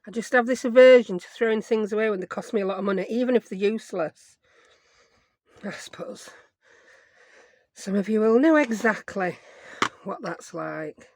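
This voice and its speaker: A woman's voice: medium pitch, a little hiss or hum. A woman, chatting casually as a craft vlogger at her home desk, rambling with self-mocking asides. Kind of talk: casual chat while crafting.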